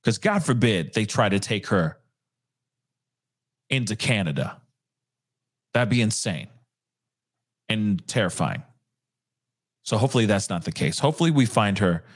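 A man's voice: lowish voice, expressive, a little slow, long pauses. A man hosting a casual live news commentary show, talking straight to his viewers and laughing at his own jokes.

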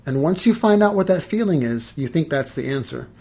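A man, an energy healer, chatting casually and telling lively stories, swearing and laughing as he goes. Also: a little high, brisk. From Los Angeles. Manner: animated, swears, laughs through his stories. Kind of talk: casual storytelling in conversation.

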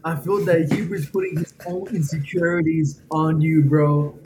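A man with a fairly high voice speaks earnestly on a casual podcast. Faint noise sits beneath his voice as he works carefully through a point. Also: steady tone, moderate pace, a little mellow, low-quality recording. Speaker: podcast co-host.

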